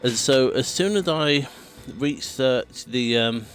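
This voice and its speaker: Unhurried and fairly bright, this mid-range male voice belongs to a British gamer chatting casually on stream with faint music behind him. He rambles, swears occasionally, and mimics sound clips as he plays.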